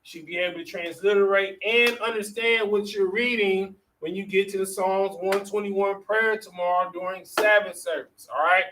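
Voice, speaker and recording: A man's voice: sits high, fairly even intonation, moderate pace, hardly any pauses, bright, forceful tone. A man teaching a religious class, reading verses and explaining words in a casual way, often checking in with "all right?" and "you know what I'm saying?". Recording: distant mic with faint noise.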